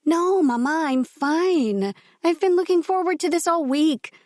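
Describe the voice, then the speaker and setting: A woman reading an audiobook, voicing a firm, teasing young wife who talks briskly and keeps reassuring the people around her. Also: extremely high pitch, darkish tone, no echo, clean studio sound, pitched above the performer's own voice.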